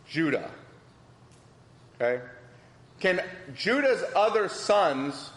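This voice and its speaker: A man's voice: a little high, a bit bright. A man teaching a Bible class, asking the group questions and repeating their answers. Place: church hall. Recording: echoey hall with long reverb.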